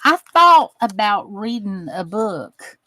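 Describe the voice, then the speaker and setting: A woman's voice: mid-range voice, sing-song, slow pace, dry recording, rough recording. A woman with a Southern US accent, chatting casually with viewers on her craft channel while she works, using folksy phrases. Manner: chatty, warm-hearted, drawling with folksy phrases.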